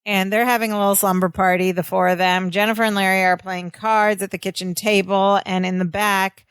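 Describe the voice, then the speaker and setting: A woman co-hosting a podcast, calmly retelling a sitcom scene in a casual chat. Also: mid-range voice, brisk, clean tone, no room sound. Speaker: podcast co-host.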